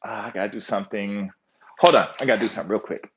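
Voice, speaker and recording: A man's voice: lowish voice, fast talker. A middle-aged man telling a story in casual, profane monologue, acting out voices and sound effects as he goes. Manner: animated, profane, acts out quotes with sound effects. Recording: slightly dull lo-fi audio.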